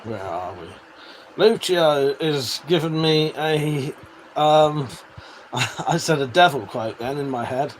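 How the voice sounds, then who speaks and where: A man's voice: on the high side, animated, slow. A British man hosting a livestream, chatting casually, swearing freely and laughing often as he answers viewers. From United Kingdom. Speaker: livestream host. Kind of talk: casual livestream chat reading viewer comments. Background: faint fan hum.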